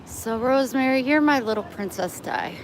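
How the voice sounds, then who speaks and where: A woman with a voice on the high side and lively intonation vlogs while walking outside, talking at normal speed in a wandering livestream chat that drifts off topic easily. Passing cars and outdoor street noise can be heard.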